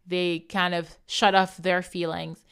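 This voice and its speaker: A woman with a low, smooth, resonant voice speaks candidly in a reflective monologue. She laughs often and slips into little acted voices when she quotes people. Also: level tone, slow, a bit bright. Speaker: podcast host.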